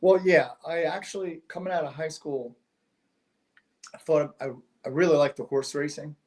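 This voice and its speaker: A man in casual conversation as a co-host. He tells jokes and short yarns and lands each one on a quick punchline. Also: fairly high pitch, fairly even intonation, darkish tone. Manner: joke-telling with quick punchlines. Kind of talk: casual chat.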